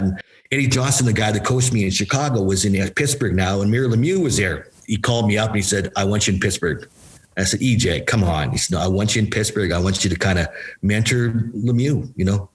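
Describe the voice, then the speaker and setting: An older man with a somewhat low voice spins long stories as an interview guest. He acts out quoted lines from other people and keeps repeating words for emphasis. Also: rough recording. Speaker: guest, former hockey player and coach. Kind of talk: storytelling interview answers.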